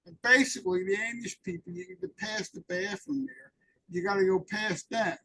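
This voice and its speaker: An interview guest with a high, pushed, bright and husky voice tells rambling personal recovery stories at a moderate pace. He's an anecdotal storyteller who acts out the dialogue, and the audio is poor.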